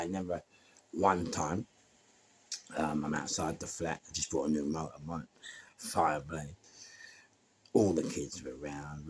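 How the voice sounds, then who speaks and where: A man with a London accent telling a lively, slangy story and acting out what people said. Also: extremely low pitch, a little hiss or hum. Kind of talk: casual spoken anecdote.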